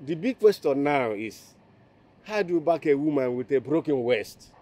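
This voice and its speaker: An actor playing a solemn village elder speaking gravely to a council. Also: male voice, fairly high pitch, lively intonation, mellow, natural voice. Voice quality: slow, grave.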